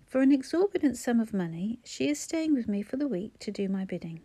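A woman's voice: fairly high pitch, sing-song, brisk, warm tone. A woman reading an audiobook, voicing a cantankerous scheming old man who bellows and mocks. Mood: blustering. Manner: blustering, mocking. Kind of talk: audiobook character voice.

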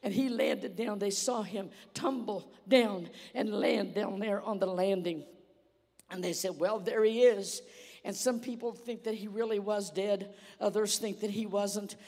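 A woman's voice: medium pitch, darkish tone, in a large hall. A woman guest speaker preaching a sermon. She tells a story vividly and uses many "uh" fillers.

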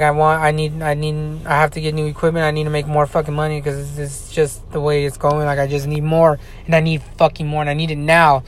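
Profane, ranting man venting anger. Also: on the high side. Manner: halting, filler-heavy. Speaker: podcaster. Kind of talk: angry personal monologue.

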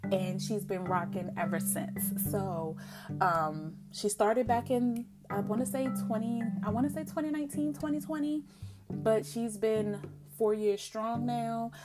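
A woman host, chatting casually and excitedly with lots of fillers. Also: fairly high pitch, a little slow, over loud music. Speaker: podcast host. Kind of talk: casual chat.

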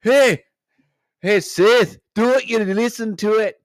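A man's voice: sits high, slow pace, dry recording, studio quality, pitched above the performer's own voice. A man voicing a bossy male baboon in a Scottish accent who orders his friend around. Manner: commanding.

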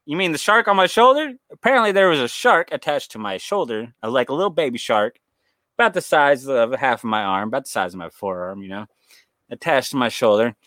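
A young podcast co-host, medium-pitched and animated, speaks a little fast in a bright, tense voice recorded dry and close with no room sound. In casual chat he tells long, winding, curse-filled stories and acts out the people in them.

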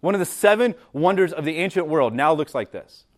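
A man preaching a sermon in a church in a conversational way, often repeating words and checking in with "right?". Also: expressive. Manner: reads scripture aloud slower and lower. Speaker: pastor. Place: church sanctuary.

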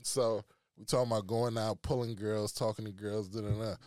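A man's voice: on the low side, steady tone, fairly quick, a little mellow, no room sound, clean studio sound. A man hosting a podcast, telling a story in casual, slangy talk and laughing often. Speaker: podcast host.

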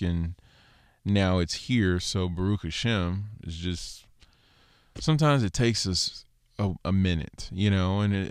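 A man's voice: low-pitched, clear, resonant tone, no echo, studio quality. A man giving a casual Torah teaching, talking conversationally and acting out the people he quotes, with self-deprecating humor. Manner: conversational, acts out quoted people in lively voices.

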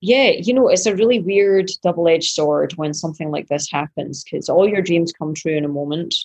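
A woman's voice: fairly low pitch, normal speed, a little mellow, husky. A woman triathlete guest telling a story in an interview, acting out her own past thoughts with animation.

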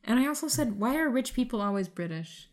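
A woman's voice: a little high, expressive, brisk, a little mellow. A young woman co-hosting a casual podcast chat about a movie, talking loosely with lots of fillers and asides. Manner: chatty, full of fillers and asides. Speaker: podcast co-host.

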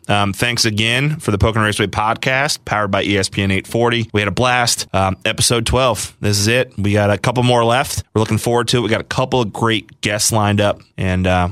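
A man's voice: lowish voice, a bit bright, no echo. A man hosting a podcast, talking in a friendly, rambling way with many fillers. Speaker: podcast host. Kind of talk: casual podcast chat.

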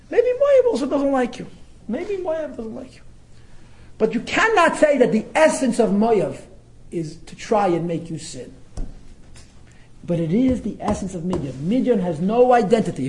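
Male teacher leading a text-study class; high, lively voice that jumps around, laughs a lot and acts out the quotes. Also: poor audio. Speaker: Torah teacher.

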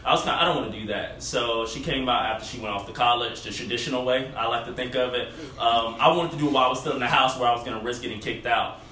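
A man telling his own story on a podcast in relaxed casual chat, with many fillers. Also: medium pitch, fast talker, hardly any pauses. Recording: echoey room, far from mic, faint hiss.

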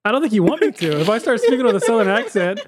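A man's voice: high-pitched, sing-song, rapid-fire, a little hiss or hum. A man co-hosting a podcast in casual chat, a playful storyteller who acts out the people he quotes. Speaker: podcast co-host.

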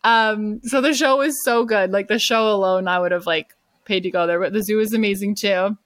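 A woman's voice: mid-range voice, steady tone, a little fast, a bit bright, no echo, studio quality. A woman co-hosting a podcast, chatting casually in a gushing, rambling way full of fillers. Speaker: podcast co-host. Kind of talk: casual chat.

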